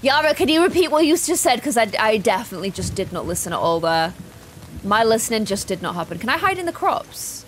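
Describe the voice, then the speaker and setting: A woman's voice: on the high side, very animated, quick pace, a bit bright, a little hiss or hum. A woman streaming a game live, chatting casually, reading in-game notes aloud and greeting viewers in chat. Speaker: gaming streamer.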